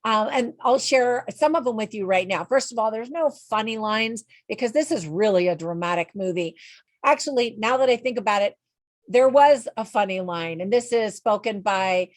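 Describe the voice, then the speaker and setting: A woman's voice: on the high side, lively intonation, moderate pace, no room sound. A middle-aged woman giving a casual, frank movie review in a chatty way, often laughing at her own asides.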